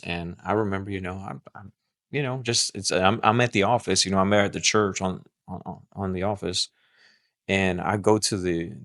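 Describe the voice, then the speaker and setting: Middle-aged man, deep voice, dry sound; animated storyteller who restarts his sentences, podcast guest pastor. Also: no echo.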